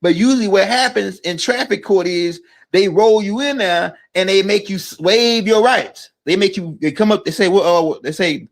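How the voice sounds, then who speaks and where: Rambling high-voiced man talking to his viewers. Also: normal speed, vocal fry. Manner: rambling, emphatic, repeats himself with frequent "right?". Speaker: video host. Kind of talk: casual monologue to camera.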